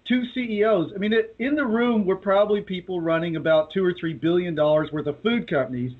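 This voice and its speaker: A man's voice: sits high, fast talker. A male guest on a radio show, chatting casually and laughing as he tells his side of a story. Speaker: guest, beverage company founder. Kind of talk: casual interview chat. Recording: tinny phone line.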